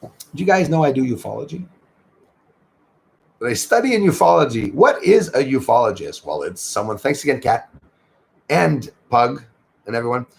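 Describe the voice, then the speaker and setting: A man with a gravelly, rough-edged voice at a middle pitch hosts a casual livestream. He talks in a chatty, upbeat way, greeting and thanking viewers as he goes. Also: big pitch swings, normal speed, long pauses, darkish tone, low-quality recording. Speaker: livestream host.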